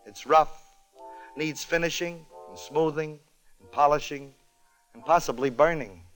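A man's voice: fairly high pitch, measured pace, music in the background, low-quality recording. A man hosting a comedy show, telling a comic story in a wry, joke-timed way. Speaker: comedy radio host.

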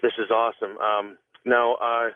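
A man's voice: on the low side, little pitch movement, moderate pace, smooth, no echo. A man calling in to a radio show, who stutters and halts with many fillers. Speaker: caller. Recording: tinny phone line.

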